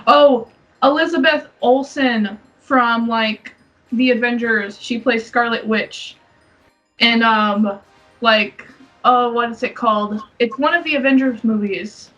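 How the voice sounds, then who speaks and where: A giggly young woman chatting on a podcast, her voice sitting high and bubbly. She gushes freely and jumps into squeaky impressions of her younger self. She sounds a little far from the mic, with faint music underneath. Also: slow, fairly bright tone. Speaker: podcast co-host. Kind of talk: casual chat.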